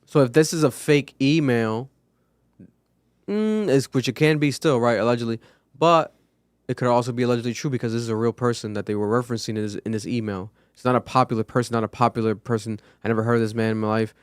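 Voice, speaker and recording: Smooth-voiced man on a podcast. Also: mid-range voice, fast, no echo, clean studio sound. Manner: animated, talks through points out loud. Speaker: podcast co-host. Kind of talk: casual podcast commentary.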